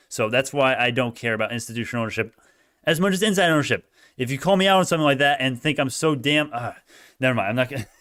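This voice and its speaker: Man, stock streamer, rapid delivery, smooth clear voice, excitable, cheers and mumbles, argues with chat. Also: medium pitch. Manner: excitable, swings between mumbling asides and loud cheering; argues back at chat comments, laughs often. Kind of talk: live stock commentary, chatting with viewers.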